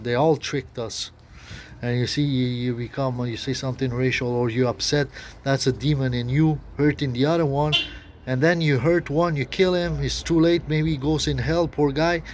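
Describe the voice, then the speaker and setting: A man rambling in halting, full of fillers and restarts, recorded outdoors near his tent. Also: medium pitch, steady tone. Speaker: vlogger. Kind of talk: rambling spoken monologue. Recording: noisy outdoor recording with passing traffic. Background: outdoor ambience and vehicles.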